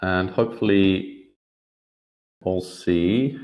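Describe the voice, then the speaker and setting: A man presenting an online workshop over a video call, relaxed and full of filler words and restarts. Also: low-pitched, extremely slow. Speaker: workshop speaker.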